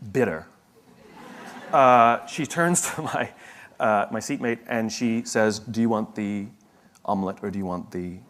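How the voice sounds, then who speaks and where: A man's voice: fairly low pitch, a bit bright. A middle-aged man gives a motivational talk and drifts into a funny personal story. He pokes fun at himself and often restarts his sentences as he goes. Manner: storytelling, self-deprecating humor, frequent restarts. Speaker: speaker.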